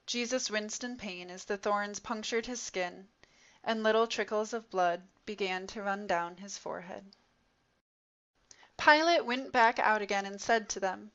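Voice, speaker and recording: A woman reading a scripture passage aloud in a slow, measured, solemn way, as in a church. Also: medium pitch, a bit bright. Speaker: scripture reader. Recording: dull lo-fi recording.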